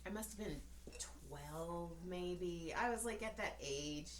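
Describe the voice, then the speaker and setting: A woman's voice: on the low side, slow, a little hiss or hum. A woman in her thirties co-hosting a podcast in casual chat, telling stories animatedly, laughing often and acting out quotes. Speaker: podcast co-host. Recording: roomy echo, faint ambience.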